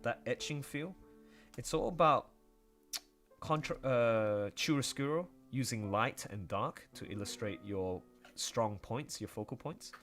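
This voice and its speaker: A man talking casually on a livestream while drawing, rambling and chatty. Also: lowish voice. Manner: rambling and chatty, full of fillers and asides. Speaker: artist streaming while drawing.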